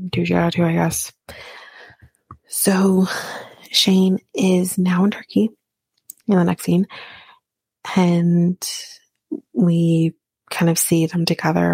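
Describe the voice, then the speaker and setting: Woman podcaster, husky gravelly voice, slow flat delivery, chatty and blunt. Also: fairly low pitch, no room sound. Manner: chatty, opinionated, swears freely, frequent ums. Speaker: podcast host recapping a reality show. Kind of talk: casual podcast recap and ad read.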